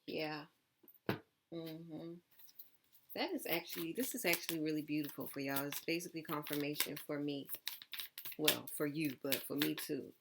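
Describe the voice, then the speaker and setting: Low-voiced woman giving a tarot reading. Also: normal speed, gravelly, pauses often, noisy background. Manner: asks probing questions, casual asides. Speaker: tarot reader.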